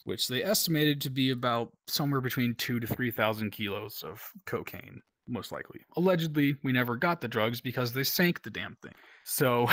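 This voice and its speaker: A man's voice: mid-range voice, a bit bright, dry recording. A man from the United States, a Coast Guard veteran, casually telling stories full of "like" and "um" fillers, laughing now and then. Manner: rambling, heavy use of "like" and "um" fillers. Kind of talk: casual storytelling.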